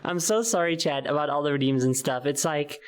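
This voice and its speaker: A woman's voice: low voice, fairly quick. A woman streaming in VR, chatting casually through a headset mic and laughing often. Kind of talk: casual chat while streaming in VR.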